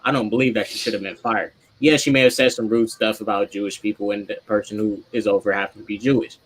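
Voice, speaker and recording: A man of middle pitch weighs in on a live panel chat. He is earnest and emphatic, and he repeats phrases to keep the floor. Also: a bit bright, poor audio. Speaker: panel guest.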